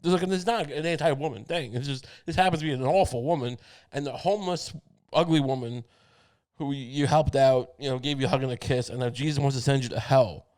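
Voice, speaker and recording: A man's voice: mid-range voice, fairly quick, darkish tone. Man, solo podcast host, comedic rant, swears a lot, rambles and restarts sentences. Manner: profane, rambling, frequent restarts.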